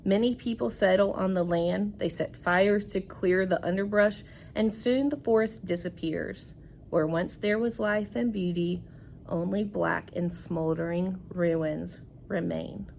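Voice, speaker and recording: A woman's voice: medium pitch, steady tone, a little slow, creaky, a little hiss or hum. A woman reading aloud as a bird from a storybook, firm and urgent. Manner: firm, loud read-aloud. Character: bird warning of burning forests.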